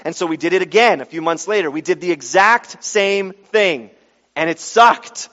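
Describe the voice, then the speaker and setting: Male pastor, sermon, highish voice, hushed to emphatic, long hall echo. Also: animated, normal speed. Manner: shifts from hushed reflection to loud emphatic pleading. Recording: dull sound in a reverberant hall.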